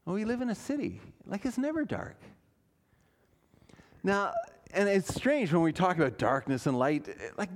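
A man, preaching a sermon as a pastor in a conversational way, with fillers and dramatic pauses. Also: high-pitched, big pitch swings.

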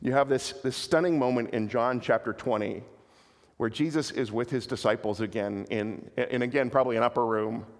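A man preaching a sermon in an earnest, animated way, often restarting his phrases. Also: medium pitch, moderate pace, in a large hall. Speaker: pastor.

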